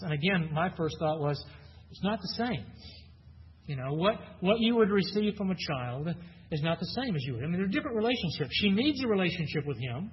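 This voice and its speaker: A male pastor with a high, husky voice teaches verse by verse in a relaxed, conversational way. He keeps asking his listeners questions and circles back over his own words. The sound is dull and lo-fi, with a long reverb from a large hall. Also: brisk. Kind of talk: sermon, verse-by-verse Bible teaching.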